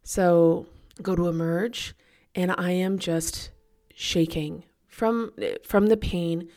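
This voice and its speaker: A woman's voice: lowish voice, slow. Chatty woman hosting a podcast. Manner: chatty, animated, laughs at herself. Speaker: podcast host. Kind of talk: casual podcast storytelling.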